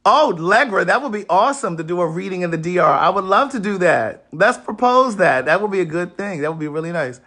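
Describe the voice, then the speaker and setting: A raspy-voiced man from Maryland, an author hosting a casual livestream from a hotel room and greeting viewers by name. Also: sits high, animated, brisk, few pauses, sharp tone.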